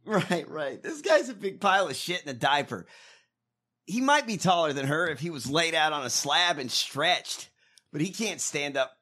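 Man, podcast co-host, profane rants, lively swooping delivery, slightly high pitch. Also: normal speed. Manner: animated, profane, ranting. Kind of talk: casual profane comedic chat.

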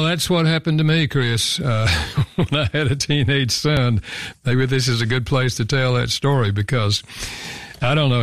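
An older man speaks as a guest in an interview, earnest and reflective, circling back over his words as he tells a story. His voice is gravelly with a touch of fry. The sound is dry, with no room around it. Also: medium pitch, dry recording. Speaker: guest author.

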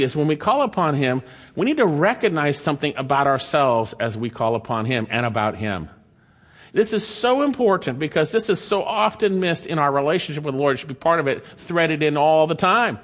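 A man's voice: fairly high pitch, fairly bright tone. A male pastor delivering a sermon, reading scripture aloud with emphatic rises and sudden drops. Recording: long hall reverb.

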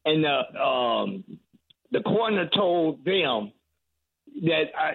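A man's voice: on the high side, big pitch swings, vocal fry, slightly rough. Earnest man on a tinny phone line. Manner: earnest, halting with repeated restarts. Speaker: reverend, radio guest. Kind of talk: call-in radio talk.

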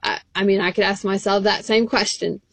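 A woman's voice: medium pitch, fairly even intonation, brisk, dry recording. A woman preaching an encouraging sermon, reading scripture verses aloud in an earnest way.

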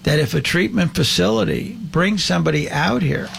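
A man hosts a talk show in a gravelly, creaky voice, pitched a little above the usual for a man. He talks haltingly, filling pauses with uh and you know and restarting his sentences. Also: fairly bright tone. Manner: halting, many fillers and restarts. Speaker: host. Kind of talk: casual talk show hosting.

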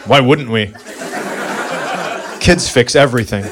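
A man's voice: mid-range voice, unhurried. A man in his thirties doing a stand-up comedy set, telling exasperated stories about family life on stage. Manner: exasperated, animated storytelling with voiced quotes. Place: stage before a laughing audience. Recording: live club recording with clear ambient noise.

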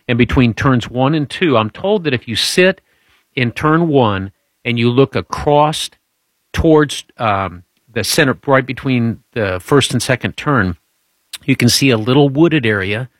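A man's voice: medium pitch, expressive, measured pace, no echo, clean studio sound. Chatty man hosting a trivia quiz. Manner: chatty, jokey, meandering with restarts. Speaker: show host running a trivia quiz. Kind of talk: casual radio-style trivia chat.

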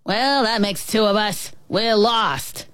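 A woman voicing a mean, bossy male ant who yells and rants in exasperation. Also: mid-range voice, slow pace, clean tone, dry recording. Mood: exasperated. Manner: yelling, ranting, exasperated.

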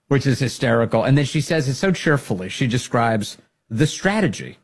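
A man hosting a political talk program, giving emphatic, rallying commentary that swings up in pitch when he gets fired up. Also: sing-song, moderate pace. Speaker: political talk show host. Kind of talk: opinionated commentary.

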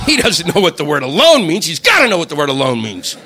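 High, animated male stand-up comic. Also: fast talker, noisy background. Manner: animated, acts out voices, crude. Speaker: stand-up comedian. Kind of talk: stand-up storytelling.

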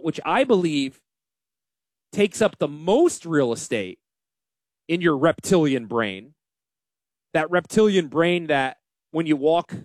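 Lively high-voiced male radio host. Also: no echo, studio quality. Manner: animated, joking, self-deprecating. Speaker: financial advisor and radio host. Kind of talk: casual radio chat.

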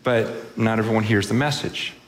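A man's voice: fairly low pitch, fairly even intonation, normal speed, in a large hall. A man preaching a sermon with passion, often voicing the people and words he quotes. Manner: impassioned, voices quoted speakers. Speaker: pastor.

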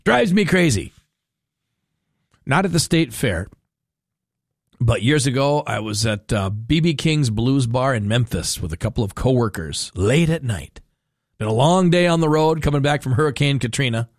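A man hosting a casual radio talk segment, chatty and animated, telling stories and acting out quoted people. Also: mid-range voice, moderate pace, dry recording, studio quality. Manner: chatty, animated storytelling with playful quoted voices. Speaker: radio host.

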